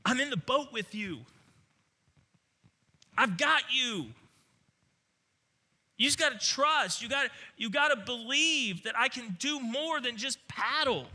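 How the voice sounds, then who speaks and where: A powerful, reassuring savior speaks in a fervent, insistent voice during a sermon, as a preaching man puts him on. The tone climbs high and rings bright and forceful. Each line presses its promise home. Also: lively intonation, measured pace, pauses often, full character voice.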